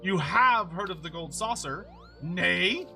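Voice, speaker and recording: A man's voice: sits high, animated, slow pace, gravelly, bright, forceful tone, faint music behind, exaggerated voice. A man doing a boastful young gambler. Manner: pompous, old-fashioned flowery talk. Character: boastful young male gambler about town. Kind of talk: reading game dialogue aloud in character.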